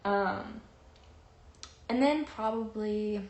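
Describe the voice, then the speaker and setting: A woman's voice: medium pitch, extremely slow, a little mellow. A young woman telling a long personal story in a chatty, rambling way, with lots of fillers and acted-out quotes. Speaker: vlogger. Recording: roomy echo, faint noise.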